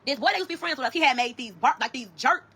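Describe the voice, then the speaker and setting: Her voice is high-pitched and slightly rough, her delivery rapid-fire. With a Chicago accent, she relays a story to viewers bluntly and profanely, playing out the dialogue in an animated retelling.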